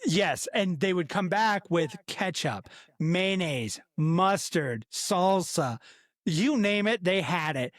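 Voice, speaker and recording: A man's voice: sits high, expressive, takes it slowly, no echo, studio quality. A man in his fifties co-hosting a podcast, chatting bluntly and swearing casually. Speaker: podcast co-host. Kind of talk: casual chat.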